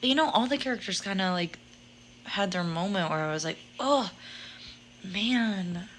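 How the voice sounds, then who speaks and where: A woman talking slowly and excitedly about her reading in a casual vlog, giggling and sometimes dropping to a whisper. A faint hiss sits under her voice. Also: medium pitch, rough recording. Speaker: book vlogger.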